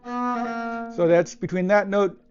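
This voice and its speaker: A man teaching a piece of music, talking it through thoughtfully with pauses and restarts as he demonstrates it. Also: high-pitched, darkish tone. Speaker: cellist teacher. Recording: dull lo-fi with cello playing. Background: cello phrases between remarks.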